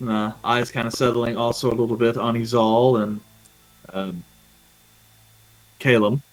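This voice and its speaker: Slow-paced man narrating as game master. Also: mid-range voice, little pitch movement, faint music behind, poor audio. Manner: unhurried, full of fillers.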